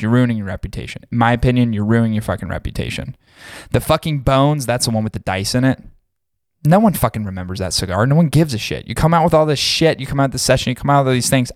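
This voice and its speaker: A man's voice: mid-range voice, dry recording, studio quality. A man co-hosting a podcast, heatedly ranting with lots of swearing in a casual talk style. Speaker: podcast co-host.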